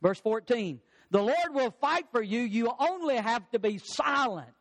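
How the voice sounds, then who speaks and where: Man, pastor, high voice, emphatic preaching, echo of a big hall. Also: animated, a little slow. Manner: preaching with rising emphatic lines and acted-out quotes. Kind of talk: sermon.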